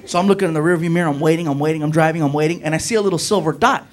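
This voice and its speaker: A man doing stand-up comedy, telling a story in an animated, jokey way. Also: a little high, racing. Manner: animated, jokey, acts out friends' voices.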